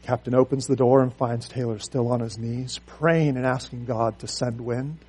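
A man's voice: mid-range voice, steady tone, normal speed, a little mellow, breathy edge. A man preaching a sermon, earnest and story-driven, often repeating words as he restarts.

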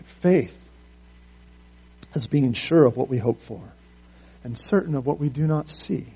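A man's voice: on the high side, mellow, breathy edge. A man preaching a sermon, earnest and story-driven, often repeating words as he restarts.

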